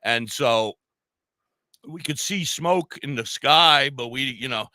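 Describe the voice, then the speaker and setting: A man's voice: medium pitch, takes it slowly, sharp tone, dry recording. A man in his forties with a Long Island New York accent, co-hosting a podcast and telling a long story in a rambling way, swearing casually and restarting his sentences. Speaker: podcast co-host.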